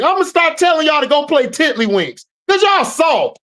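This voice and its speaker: Animated, profane woman roasting players. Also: sits high, moderate pace, rough recording. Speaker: sports podcast host. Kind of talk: ranting sports commentary.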